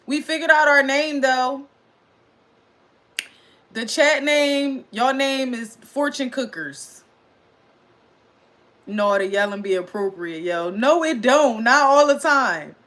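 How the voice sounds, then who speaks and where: A woman with a bright, tense voice hosts a casual livestream, talking slowly and deliberately between bursts of loud excitement. She chats with viewers and answers their comments as they come in. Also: sits high. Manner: animated, loud, reading chat aloud. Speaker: livestream recap host.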